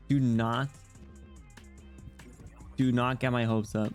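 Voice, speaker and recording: A man's voice: medium pitch, fairly even intonation, slow, long pauses, a little mellow. A young man streaming a game, reacting in an amused, slangy, casual way. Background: game music.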